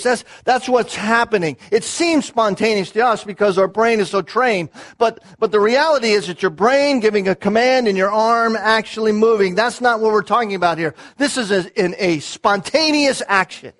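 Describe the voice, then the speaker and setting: Pastor, man, high voice, earnest sermon delivery with repeated key words. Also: fairly bright tone.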